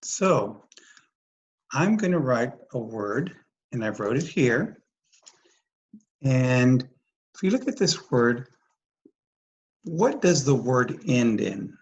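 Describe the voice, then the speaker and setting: A teacher walks through a phonics lesson at an unhurried, deliberate pace. The voice is patient and steady, repeating each word and pausing to ask the listener questions. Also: mid-range voice, muffled recording. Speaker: dyslexia teacher.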